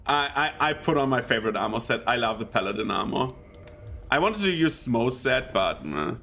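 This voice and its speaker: A man's voice: mid-range voice, normal speed, vocal fry, slight background noise. A young man with a German accent, rambling casually and laughing while commenting on his gameplay. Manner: rambling, laughs often, excitable bursts. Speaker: gaming streamer.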